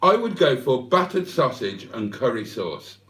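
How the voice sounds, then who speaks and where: Slow, lively-pitched man. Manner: deadpan, digressive, mock-serious. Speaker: livestream host. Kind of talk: rambling comic monologue. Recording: echoey room, mic at a distance.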